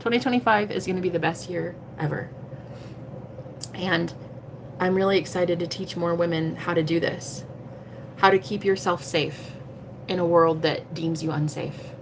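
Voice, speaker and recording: A woman with a fairly low voice gives a casual livestream monologue as a tarot reader. She is blunt and emphatic, swears freely, and slips into a preachy, motivational tone. A faint hiss of noise sits under her voice. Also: moderate pace, gravelly, long pauses.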